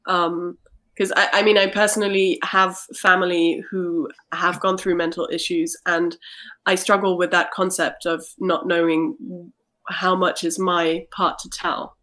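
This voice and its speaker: A woman's voice: fairly low pitch, level tone, unhurried, pushed and bright. A woman hosting a podcast, asking tentative questions full of fillers. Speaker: podcast host. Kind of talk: interviewing.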